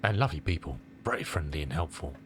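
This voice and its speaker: Over a noisy background, a flight sim streamer from England, middle-aged and nursing a cold, chats casually with viewers. His rumbling low voice is animated and quick as he rambles through their comments.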